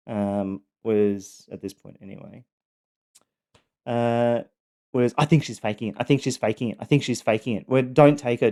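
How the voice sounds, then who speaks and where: A man's voice: lowish voice, creaky, a little mellow. A middle-aged man candidly telling his own story, frank, casually swearing, with wry laughter.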